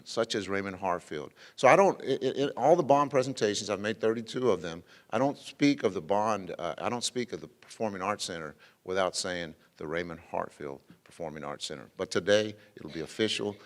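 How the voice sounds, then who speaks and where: With a long reverb tail behind his fairly low voice, a middle-aged man, formerly a school superintendent, rambles through an informal dedication speech at a ceremony venue with an audience. He tells anecdotes in a folksy manner, often restarting and filling pauses.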